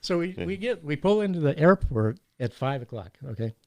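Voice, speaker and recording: A man telling anecdotes in a casual podcast chat, animated and laughing often, acting out the people in his stories. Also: a little high, a little fast. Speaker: podcast guest. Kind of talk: casual storytelling.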